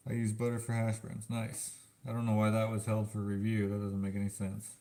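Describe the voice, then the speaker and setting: A man's voice: fairly low pitch, completely flat delivery, fairly quick, mellow. A man from Canada rambling in casual chat to a live chat while he cooks in his home kitchen. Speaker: vlogger. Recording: clattering kitchen noise.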